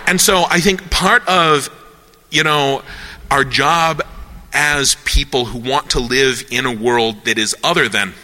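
A man talks through ideas in a loose, rambling way, slipping into little voices for the people he quotes. His tone is very bright and forward, and the sound carries a long hall reverb. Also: medium pitch, measured pace. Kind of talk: casual philosophical chat.

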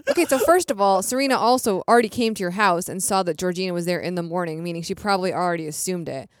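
Young woman cohost, fed-up chatty tone, lowish voice, dry close mic. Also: no room sound. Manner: chatty, exasperated, quick asides with "like". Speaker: podcast co-host. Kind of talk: casual chat.

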